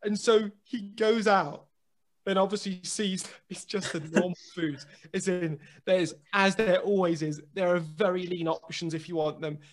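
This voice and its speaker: A man, a guest telling a lively anecdote in casual chat, full of restarts and acted dialogue. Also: high voice, measured pace. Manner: lively storyteller, many restarts and quoted dialogue.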